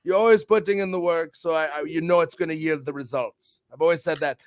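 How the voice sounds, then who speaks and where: A man's voice: a little high, a little fast, no room sound, studio quality. A man hosting a casual livestream show, brash and hyped, swearing freely and plugging his wrestling bookings. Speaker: host.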